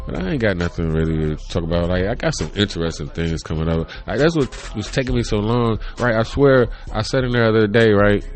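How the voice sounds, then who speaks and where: Casting note: solo podcast host, thirties, man, low voice, loose and profane, quick laughs, faint music under him. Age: 30s. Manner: rambling, laughs often, swears freely. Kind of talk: casual solo chat. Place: home room.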